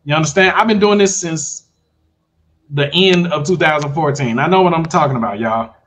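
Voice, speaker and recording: A man coaching viewers in a casual, animated talk, often checking they follow along. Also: fairly high pitch, moderate pace, a little hiss or hum. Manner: animated, talks straight to viewers with repeated check-ins. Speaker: online business coach. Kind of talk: casual livestream pitch.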